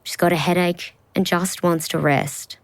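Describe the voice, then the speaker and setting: An Australian woman hosts a true-crime podcast, narrating from a script. Her voice sits low and even, measured and deliberate. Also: gravelly, no room sound, rough recording. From Brisbane, Australia. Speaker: investigative journalist and podcast host.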